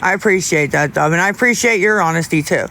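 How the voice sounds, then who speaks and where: A young man livestreaming, chatting casually with viewers in a rambling, halting way with many restarts. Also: sits high, pushed and bright, a little hiss or hum.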